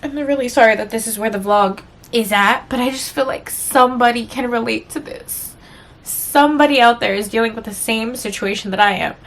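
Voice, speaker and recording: Candid, emotional woman vlogger, higher voice. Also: brisk, fairly bright tone. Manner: candid, emotional, rambling with fillers. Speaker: book vlogger. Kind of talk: confessional vlog chat.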